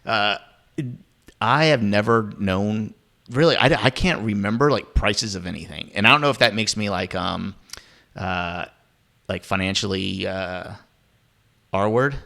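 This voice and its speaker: A podcast host chats casually, rambling and self-deprecating with lots of fillers. His voice is on the low side, gravelly and sharp in tone, and a little slow.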